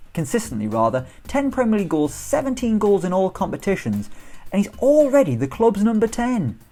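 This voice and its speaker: Man, animated pitch, upbeat football game commentary, soft music underneath. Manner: chatty, upbeat, rhetorical questions. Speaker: gaming YouTuber.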